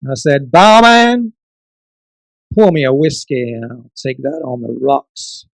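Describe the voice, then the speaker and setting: A man's voice: mid-range voice, very animated, takes it slowly, dry recording, poor audio. A man voicing a heartbroken urban cowboy in a mock American cowboy drawl, reciting rhymed lines in a comic sing-song way. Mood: lamenting. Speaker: poet performing his poem. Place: book launch event.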